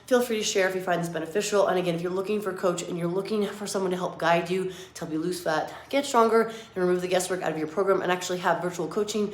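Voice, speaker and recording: A woman's voice: on the low side, fast talker, hardly any pauses. A woman fitness coach with a scratchy voice from allergies, talking through lifts as she demonstrates them and correcting herself along the way. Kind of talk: workout tutorial. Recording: very echoey room.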